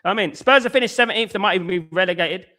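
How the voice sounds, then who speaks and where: A man hosts a live football stream. His voice sits high and sounds forceful. He talks casually and keeps repeating himself as he greets viewers. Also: very fast. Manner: repetitive, conversational, greets viewers by name. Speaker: football channel host. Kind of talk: live-stream football talk, reading chat.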